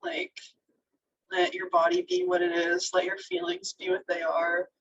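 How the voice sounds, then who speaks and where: A woman's voice: on the low side, very animated, moderate pace, creaky, far from the mic, muffled recording, background noise. A young woman being interviewed, talking casually and emotionally, teary and laughing through it.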